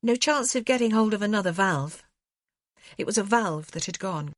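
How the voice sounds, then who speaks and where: A woman narrating an audiobook in a measured way, slowing on grave passages. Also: mid-range voice, lively intonation, no echo, studio quality. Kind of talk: scripted narration.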